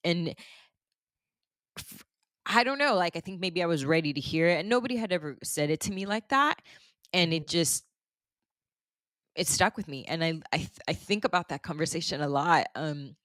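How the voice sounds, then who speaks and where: A woman's voice: fairly low pitch, expressive, moderate pace, a bit bright, no room sound, studio quality. A woman hosting a podcast, talking in a candid, rambling way full of "like" and "basically". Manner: rambling, candid, heavy use of fillers like "like" and "basically". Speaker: podcast host. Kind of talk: casual chat.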